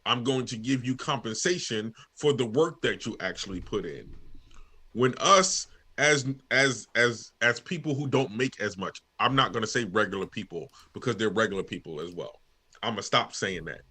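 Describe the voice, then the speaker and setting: Bright, sharp-edged male co-host; slangy, earnest, stops and restarts sentences; casual sports debate on a live stream. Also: on the low side, animated, moderate pace, breathy edge.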